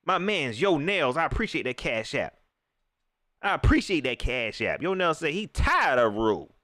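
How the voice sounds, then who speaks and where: Animated man ranting about football. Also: a little high, normal speed, no room sound, studio quality. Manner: animated, ranting, reads viewer comments. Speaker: livestream sports commentator. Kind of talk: live post-game rant.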